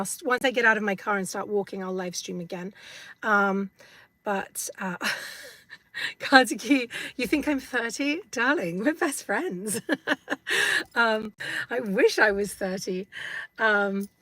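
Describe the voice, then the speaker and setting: A woman's voice: mid-range voice, sharp tone, no room sound. Rambling English-accented woman in her fifties. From United States. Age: 50s. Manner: rambling, chatty, many fillers. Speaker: live streamer. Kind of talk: casual live-stream chat. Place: inside a parked car.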